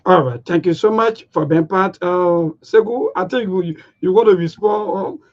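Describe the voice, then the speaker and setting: A man hosting a call-in show, briskly cutting in and moving from caller to caller. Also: high-pitched, darkish tone. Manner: brisk, interjects often, takes caller after caller. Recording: muffled, dull broadcast audio.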